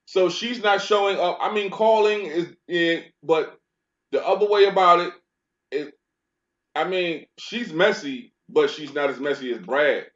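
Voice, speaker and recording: A man's voice: high voice, a little slow, a bit bright. A man co-hosting a casual chat about a TV show, talking in an incredulous, emphatic way. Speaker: podcast co-host. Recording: dull lo-fi recording.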